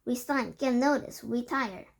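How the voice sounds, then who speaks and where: A woman voicing a domineering female witch leader, declaiming loudly and barking orders. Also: on the high side, a little slow, creaky. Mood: commanding. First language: Korean.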